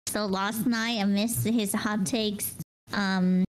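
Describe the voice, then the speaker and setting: Slow-talking woman chatting on a stream. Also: mid-range voice, fairly even intonation. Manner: unhurried, hesitant. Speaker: collab guest. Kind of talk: casual stream chat.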